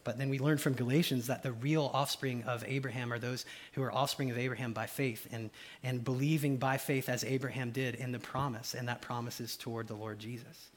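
A man's voice: medium pitch, fairly quick. A middle-aged man preaching a casual, conversational sermon, acting out the voices of people in his stories. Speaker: pastor.

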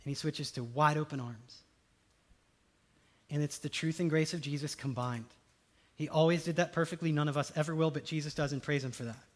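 A man preaching a sermon, rising to loud exclamations and dropping to hushed quotes. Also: a little high, fairly even intonation, fairly quick, long pauses.

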